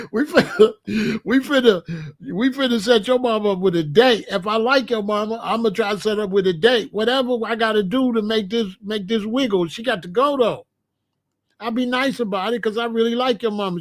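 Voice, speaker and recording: A man's voice: high voice, normal speed. A man hosting a casual talk show and giving blunt, joking advice on marriage, acting out little scenes as he goes. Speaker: host.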